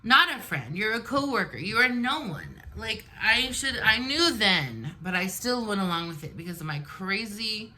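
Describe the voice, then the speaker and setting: Her fairly low voice sounds pushed and bright over slight background noise. She's a vlogger in her forties, putting on makeup and bluntly, animatedly venting her way through a get-ready-with-me story.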